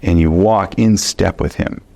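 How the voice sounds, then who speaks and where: A man teaching a Bible study, telling a personal story in an animated, conversational way with many fillers and restarts. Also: deep voice, measured pace, gravelly, dry recording.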